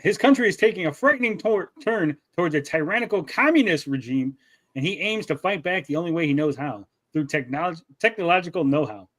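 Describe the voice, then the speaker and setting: A man hosting a casual livestream, reading a crowdfunding pitch aloud and breaking into crude joking asides. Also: expressive, brisk, a bit bright. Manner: reads promo text then breaks into crude joking asides. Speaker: livestream show host.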